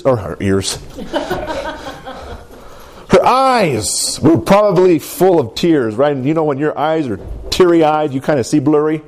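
A man preaching a sermon, talking through a scripture story and asking the congregation questions. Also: on the high side. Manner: expressive, asks the congregation questions. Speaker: pastor.

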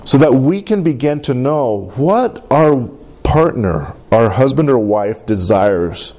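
A middle-aged male pastor who preaches a sermon in a lively call-and-response way and drops into playful voices now and then. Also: medium pitch, takes it slowly.

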